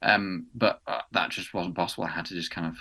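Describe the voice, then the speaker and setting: A man's voice: low-pitched, fairly even intonation, brisk, pushed and bright. A young man from England, an actor co-hosting a podcast, chatting casually and rambling with many ums and restarts. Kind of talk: casual chat. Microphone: podcast mic indoors.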